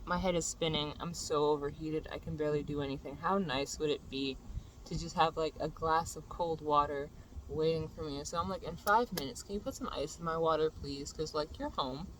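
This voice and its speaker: A young adult vlogger telling a venting story in a profane, exasperated rant that builds into shouting. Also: medium pitch, fairly quick, a little hiss or hum, rough recording.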